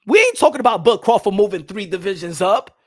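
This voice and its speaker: A man hosting a casual boxing live stream, talking animatedly, repeating himself and shouting out chat viewers. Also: high voice, sing-song, fast talker. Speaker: boxing channel host.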